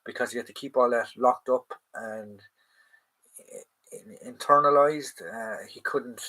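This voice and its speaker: A man's voice: mid-range voice, a little slow, sharp tone, low-quality recording. Male stream host, casual live chat, rambling delivery full of fillers. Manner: rambling, many fillers and restarts.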